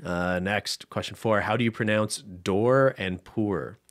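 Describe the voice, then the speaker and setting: A man's voice: fairly low pitch, a little slow. Playful Canadian man co-hosting a podcast. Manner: playful, teasing, laughs often. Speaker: podcast co-host. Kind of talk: casual chat.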